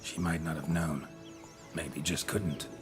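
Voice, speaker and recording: An actor playing a terse, stoic male monster hunter in a video game, gravelly and clipped. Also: takes it slowly, music in the background. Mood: deadpan. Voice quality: very deep, gravelly. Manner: flat, clipped.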